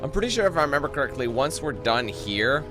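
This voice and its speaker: Fast-talking, blunt young male gamer. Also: mid-range voice, very animated, music in the background. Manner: blunt, swearing, offhand. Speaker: gaming YouTuber. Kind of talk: casual gameplay commentary.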